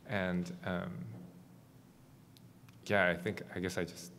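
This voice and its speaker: A man's voice: low voice, little pitch movement, takes it slowly, creaky, fairly bright tone. A man moderating a discussion at a screening, hesitant and searching for words. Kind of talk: casual conversation at a screening. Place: art gallery. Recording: reverberant gallery space with faint noise.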